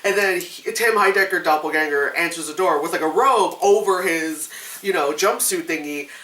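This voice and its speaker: Woman, casual animated reviewer, profane; distant mic, roomy. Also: on the low side, moderate pace. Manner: animated, profane, acts out quotes in exaggerated voices. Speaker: movie reviewer. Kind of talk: casual chat.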